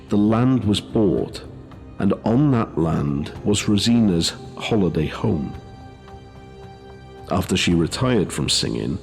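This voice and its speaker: Deep-voiced man narrating ghost stories. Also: creaky. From Wales. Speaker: host and narrator. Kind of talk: scripted ghost story narration.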